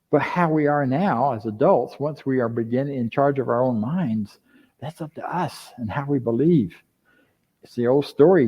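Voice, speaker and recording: An older man preaching a conversational sermon as a minister, lively and full of rhetorical questions to his congregation. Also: medium pitch, slightly rough. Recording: dull lo-fi sound.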